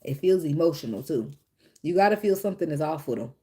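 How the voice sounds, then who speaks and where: Blunt, profane, low-voiced tarot reader woman. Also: quick pace. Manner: blunt and profane, laughs often; animated, talks straight to the viewer. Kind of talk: casual tarot reading monologue.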